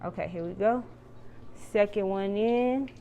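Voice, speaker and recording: A woman hosts her own cooking vlog, chatting with viewers while she fries and tastes food. Her mid-range voice comes at a measured pace through narrow, tinny audio with slight background noise.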